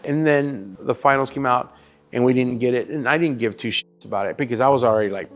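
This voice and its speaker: In a brisk, mid-range voice, this man, a chef and barbecue pitmaster, recounts his story during a laid-back interview while faint music plays behind him. The audio lacks highs, and his talk is emphatic and profane, full of "dude" and "bro."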